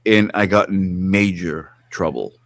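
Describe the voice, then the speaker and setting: A man's voice: low voice, a little slow, a little hiss or hum. Fields: man, middle-aged, casual chat. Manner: animated storyteller, swears freely, acts out bits. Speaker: podcast host.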